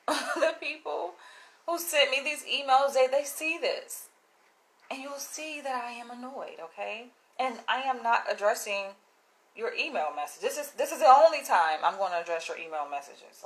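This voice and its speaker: Woman, casual vlog rant, blunt, exasperated, bright tone, mid pitch. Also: low-quality recording. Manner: exasperated, blunt and animated, with profanity. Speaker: YouTuber.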